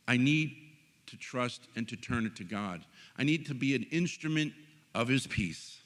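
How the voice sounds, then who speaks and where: A man giving an inspirational faith talk at a conference, earnest and animated, telling stories with jokes. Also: mid-range voice, moderate pace. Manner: animated, joking, earnest storyteller. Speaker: conference speaker. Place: conference hall stage.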